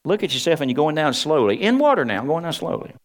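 A man's voice: a little high, very animated, fast talker. A middle-aged man preaching a sermon, folksy and humorous. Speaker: pastor.

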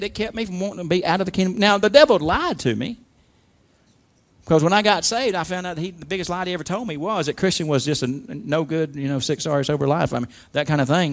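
A man preaching a sermon, leading the congregation in call-and-response with emphatic, rising delivery. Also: on the high side. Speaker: pastor.

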